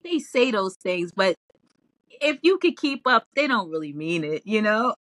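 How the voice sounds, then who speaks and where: A woman guest in a casual interview, telling her story in an animated way with lots of laughs and fillers. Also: mid-range voice, moderate pace, no room sound. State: tearful, near crying.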